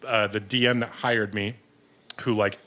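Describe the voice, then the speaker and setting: Podcast guest: man with a lowish, forceful voice, rambling and profane, self-mocking. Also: level tone, normal speed. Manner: rambling, swears freely, laughs at himself. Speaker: podcast guest, beer distributor sales rep. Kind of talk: casual storytelling.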